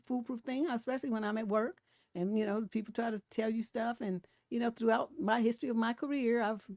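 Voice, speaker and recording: A middle-aged woman hosting a livestream advice show, talking bluntly and profanely, swinging from mellow to heated and laughing between points. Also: medium pitch, no room sound, clean studio sound. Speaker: relationship coach hosting a livestream. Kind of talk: casual livestream advice talk.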